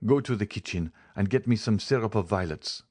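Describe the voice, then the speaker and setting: A man voicing a grave, stern doctor who explains in a measured, insistent way in an audiobook reading. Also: fairly low pitch, a little mellow, voice pushed up, lightly acted. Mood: calm authority. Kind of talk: audiobook character voice.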